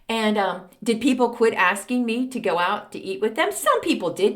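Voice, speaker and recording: A woman's voice: medium pitch, very animated, normal speed, fairly bright tone. A middle-aged woman, hosting a podcast and giving blunt, snarky advice in a casual monologue, often repeating lines for emphasis.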